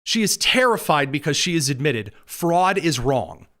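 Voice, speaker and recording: A man's voice: a little high, big pitch swings, normal speed, sharp tone. A man hosting a political commentary livestream from a studio, talking with sarcastic, mocking asides. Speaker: host.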